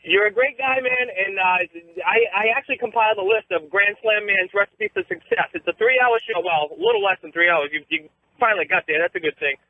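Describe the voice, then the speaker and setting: A man calling in to a sports radio show who runs through a deadpan list of insults aimed at the host, heard over the phone. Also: high voice, no room sound. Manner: rapid, deadpan insult routine. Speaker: caller. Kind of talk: prank radio call. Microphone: telephone. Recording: tinny phone line on radio.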